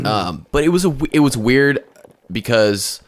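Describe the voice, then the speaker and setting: Speaking at a measured pace, this podcast co-host has a medium-pitched, gravelly, sing-song voice. He rambles through a casual conversation full of restarts and swearing.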